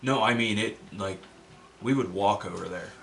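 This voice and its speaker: Chill guy with a lowish voice, noisy background w clicks. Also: normal speed, fairly bright tone, echoey room. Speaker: podcast co-host. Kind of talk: casual chat. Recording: clear background noise with clicks.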